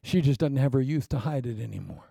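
A blunt older woman speaks frankly and wryly , as a man puts her on. The voice is husky and gravelly, and the sound is close and dry. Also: mid-range voice, lively intonation, quick pace, mellow, no room sound.

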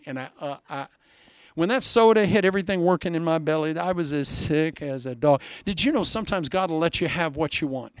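A male preacher from Iowa gives a sermon, recorded dry with studio quality. His voice sits fairly high, and he tells stories with animation, acting out voices and laughing along the way.

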